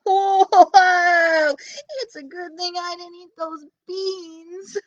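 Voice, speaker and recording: A woman's voice: very high voice, steady tone, very slow, fairly bright tone, no room sound, muffled recording, voice pushed up, heavily acted. A woman voicing a cheeky, whiny young boy who talks back to the narrator.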